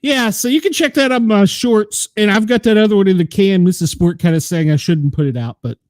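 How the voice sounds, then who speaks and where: A man's voice: sits high, a little fast, a little mellow, no room sound, clean studio sound. A middle-aged man from the US South, hosting a casual chat show and telling stories, laughing often. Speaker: podcast host.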